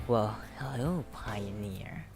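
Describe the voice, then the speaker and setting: A man voicing a sultry, calm woman nurse in a visual novel, speaking low and slow with a teasing manner. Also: over music.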